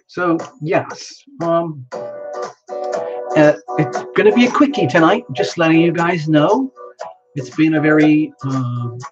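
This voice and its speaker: A fairly high-voiced man chats playfully with his viewers and laughs often as he hosts a live tarot stream. The sound is dull and lo-fi, with music playing clearly behind him. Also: slow pace. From United States. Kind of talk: casual live-stream chat greeting viewers.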